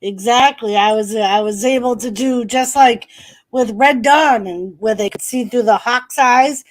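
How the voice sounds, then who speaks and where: A middle-aged woman with a high, bright-pitched voice hosts a casual live stream. She talks in an unhurried way, reads out viewers' messages, and breaks into frequent giggles. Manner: laughs often while reading chat messages aloud. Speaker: streamer hosting a wrestling watch party.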